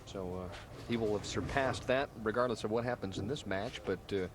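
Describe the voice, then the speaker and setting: A man calling play-by-play in a measured, low-key broadcast delivery. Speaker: play-by-play announcer. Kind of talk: sports play-by-play. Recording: noisy old TV broadcast with crowd.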